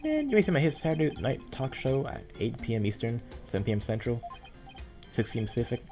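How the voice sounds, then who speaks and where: A man's voice: mid-range voice, sing-song, quick pace, warm tone, soft background music, pitched above the performer's own voice, lightly acted. A man voicing a brash, pushy TV producer in a video game dub, talking in slang like a salesman.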